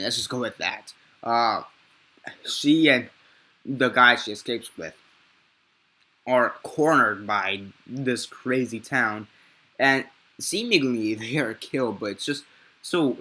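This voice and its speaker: Guy reviewing a movie, bright voice, kinda rambly, swears a lot and keeps correcting himself. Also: medium pitch. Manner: rambling and profane, with frequent self-corrections. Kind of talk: casual unscripted film review.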